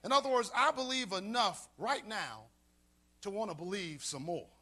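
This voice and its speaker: A man's voice: high-pitched, sing-song, moderate pace, bright, forceful tone. A man pastor preaching a sermon, repeating key lines for emphasis. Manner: preaching with call-and-response emphasis and repetition.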